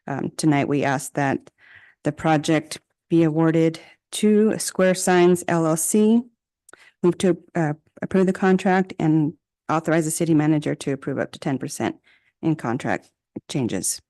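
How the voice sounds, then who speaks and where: Dark-voiced woman presenting to council. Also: deep voice, a little slow. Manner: reads figures and project lists steadily. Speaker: city director presenting to council. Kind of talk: formal meeting presentation. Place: council chamber.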